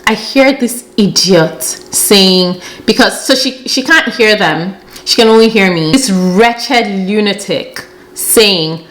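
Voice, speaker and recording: A young woman in a casual storytime monologue, recounting events in an animated, exasperated way with plenty of slang. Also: medium pitch, slow pace. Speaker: storytelling vlogger.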